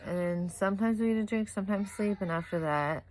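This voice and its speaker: A woman's voice: mid-range voice, brisk, slight background noise, low-quality recording. A young woman vlogging at home about her two small children, exhausted from little sleep and rambling as she corrects herself. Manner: rambling, scattered, self-correcting. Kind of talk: casual vlog chat. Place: at home with a toddler nearby.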